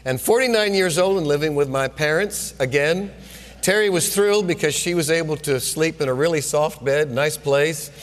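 A man's voice: on the high side, normal speed. A male pastor preaching a sermon, telling a personal story with frequent restarts, in a church sanctuary. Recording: long hall reverb.

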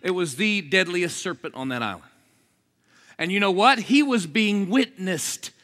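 A man preaching an energetic sermon, joking with the crowd and swinging between low asides and shouted exclamations. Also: unhurried. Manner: jokey, asks the crowd for responses.

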